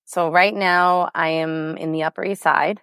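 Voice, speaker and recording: A woman's voice: low-pitched, measured pace, smooth, dry recording, clean studio sound. A woman from Queens, chatting as a guest in an interview over a video call. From Queens, New York City. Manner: chatty, lively storyteller with fillers. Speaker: company executive guest. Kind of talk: casual interview chat.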